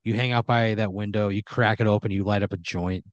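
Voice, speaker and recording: A man's voice: lowish voice, steady tone, a little fast, no echo, highs cut off. Man improvising horror comedy, dry sound. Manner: second-person narration with frequent "like" fillers. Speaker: podcast host, storyteller.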